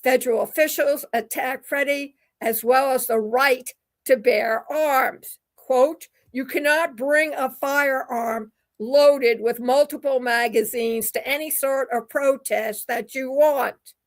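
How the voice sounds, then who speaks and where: A woman's voice: high-pitched, steady tone, slow pace. A woman hosting a talk radio show, reading news quotes with sarcastic asides. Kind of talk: opinion commentary reading quotes.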